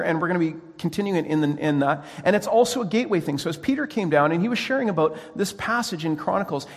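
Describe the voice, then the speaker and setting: A man preaching a sermon as pastor, telling a story with animated energy and frequent restarts. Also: on the high side, in a large hall.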